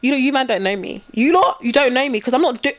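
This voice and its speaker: A woman's voice: sits high, fast, dry recording. A woman, chatting casually as a co-host and acting out quoted dialogue as she tells stories. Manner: animated storyteller, acts out quoted dialogue. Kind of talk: casual chat.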